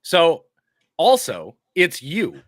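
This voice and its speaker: A man's voice: fairly high pitch, wildly swooping pitch, drawn-out words, fairly bright tone, no echo, studio quality. A man co-hosting a podcast, chatting casually and teasing the others. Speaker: podcast co-host.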